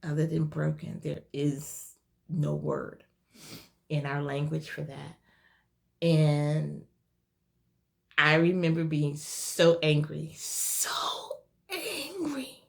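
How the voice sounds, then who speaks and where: A young woman telling a heartfelt personal story in a halting, tearful way, her voice at times dropping to a whisper. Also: low voice, little pitch movement, creaky. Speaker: vlogger sharing a personal story. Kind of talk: emotional personal testimony.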